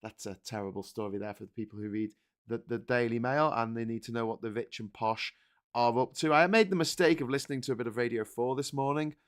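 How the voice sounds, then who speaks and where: A man's voice: mid-range voice, fast talker. A man hosting a casual livestream, talking through the morning papers in a sarcastic, rambling way and laughing easily. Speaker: host.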